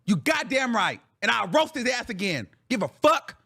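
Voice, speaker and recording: Man, host, very high voice, bright and sharp, heated profane venting. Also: sing-song, normal speed, gravelly. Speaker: show host. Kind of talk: angry reaction rant.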